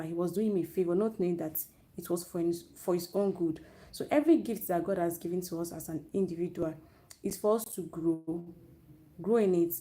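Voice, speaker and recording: On a live stream run through her own network, a woman who speaks to youth gives a sincere, motivational talk on faith. Her voice is fairly low and mellow, and she frequently begins phrases over again.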